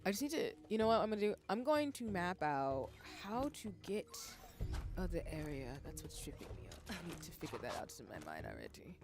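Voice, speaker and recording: A young woman with a Southern US accent, streaming a game live, chatty, swearing and breaking into loud outbursts. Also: fairly low pitch, huge pitch swings, fairly quick, over music. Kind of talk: live gaming stream chat.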